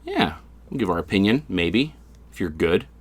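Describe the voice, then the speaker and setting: A man's voice: low-pitched, sing-song, normal speed, slightly rough, no echo. A man hosting a casual movie-review podcast from his basement, rambling and joking with his co-hosts. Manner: jokey, rambling, laughs at his own bits. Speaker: podcast host. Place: home basement.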